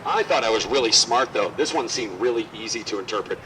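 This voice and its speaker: A man leading a walking tour outdoors, telling stories in a lively, joking way. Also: on the low side, a little fast. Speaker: tour guide. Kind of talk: guided walking tour talk. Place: outdoors on a city street. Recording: distant outdoor mic, faint street noise.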